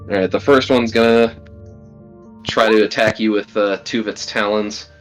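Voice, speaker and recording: A man's voice: lowish voice, steady tone, moderate pace, faint music behind. A young man narrating as game master of a tabletop game, laid-back and often laughing, with loose fillers.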